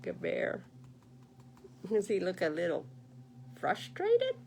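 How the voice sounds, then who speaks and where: A woman librarian reading picture books aloud at a baby storytime, animated and sing-song, talking to little listeners. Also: mid-range voice, slow, vocal fry, a little hiss or hum. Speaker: children's librarian.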